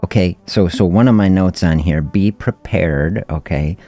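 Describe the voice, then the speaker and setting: On a health podcast livestream about fasting, a middle-aged man with a remarkably deep voice tells stories in a casual way at a normal speed. He comes across as relaxed and reflective, chuckling frequently, while soft music plays faintly in the background.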